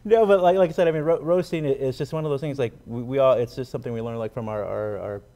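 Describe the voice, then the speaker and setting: A man's voice: medium pitch, quick pace, dark tone. A man from the Gila River area of Arizona doing stand-up comedy and then talking in an interview, chatty and full of fillers. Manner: chatty, many fillers, laughs between jokes. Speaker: comedian, guest.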